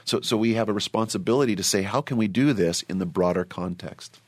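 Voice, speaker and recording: A middle-aged man hosting a religious panel discussion, speaking earnestly and deliberately, often repeating words as he starts a thought. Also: lowish voice, no room sound. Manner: earnest, measured, repeats himself. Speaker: host.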